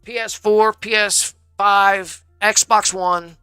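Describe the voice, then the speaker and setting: Man, live streamer, rambling and profane, bright edgy tone, dry close sound, faint music behind. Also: high voice, steady tone, extremely slow, clear, resonant tone, no echo. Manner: rambling, profane, says "bro" constantly. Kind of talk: casual storytelling on a live stream.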